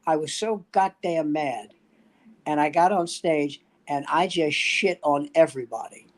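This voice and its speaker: A man's voice: fairly high pitch, unhurried. Older man spinning rambling comedy anecdotes. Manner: rambling anecdotes with acted quotes. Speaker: standup comedian. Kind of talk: casual storytelling chat.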